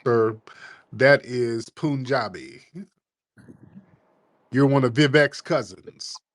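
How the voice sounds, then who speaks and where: A man's voice: mid-range voice, takes it slowly. Blunt teasing male talk host. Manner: blunt, teasing, casual slang. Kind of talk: call-in talk show.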